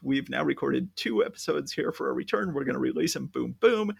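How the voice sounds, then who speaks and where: A man's voice: medium pitch, animated, brisk, creaky, few pauses, slightly rough, no room sound. A man hosting a podcast in casual chat, telling stories at length and laughing often. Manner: chatty, storytelling, laughs often. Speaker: podcast host.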